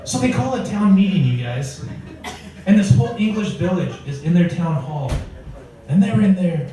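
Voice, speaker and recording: A man's voice: high voice, animated, moderate pace. A male stand-up comedian telling crude stories conversationally and working the crowd from a comedy club stage. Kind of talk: stand-up set. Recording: echoey club from far off, crowd.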